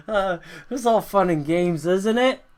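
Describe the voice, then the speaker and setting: A man from North America with a high, clean-toned voice runs a casual livestream Q&A. He tends to ramble, fills his speech with fillers, and laughs often.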